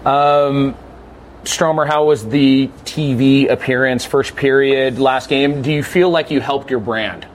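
A young man hosting a sports podcast, with a voice of ordinary middle pitch. He keeps things chatty and upbeat, and a faint noise sits under the recording. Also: fairly even intonation, measured pace. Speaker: podcast host. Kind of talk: casual hosted sports podcast.

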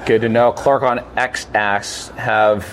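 A man's voice: on the low side, flat delivery, takes it slowly, a little hiss or hum. A young man hosting a casual podcast, asking questions and joking with his guests. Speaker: podcast host.

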